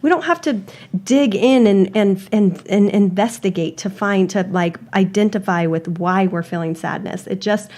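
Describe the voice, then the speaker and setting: A woman's voice: medium pitch, darkish tone. A woman co-hosting a podcast, speaking emphatically and affirming her guest in casual conversation. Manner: emphatic, affirming, quick to agree. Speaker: podcast co-host.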